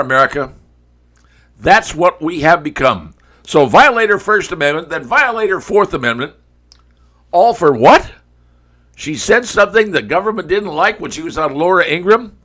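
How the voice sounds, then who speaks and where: High-voiced man giving folksy commentary. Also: big pitch swings, normal speed, long pauses, bright, forceful tone. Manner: folksy, conversational, addresses viewers as folks. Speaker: talk show host. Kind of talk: opinion commentary monologue.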